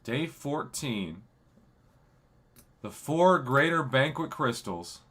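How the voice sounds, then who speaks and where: A hoarse man hosting a casual livestream, upbeat and thanking his viewers. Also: medium pitch, sing-song, slow, a bit bright. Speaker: livestream host.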